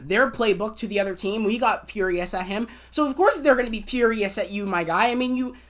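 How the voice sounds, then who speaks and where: A woman's voice: mid-range voice, a little fast. A woman reviewing a TV episode in a casual spoiler rant, rambling with many fillers and restarts, swearing when annoyed. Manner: excitable, acts out quotes. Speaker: TV show reviewer.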